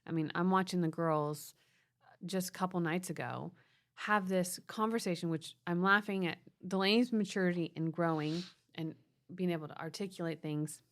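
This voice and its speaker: A woman co-hosting a parenting podcast, chatting and giving advice in a relaxed, talkative way and laughing easily. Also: fairly low pitch, moderate pace. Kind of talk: casual parenting podcast chat.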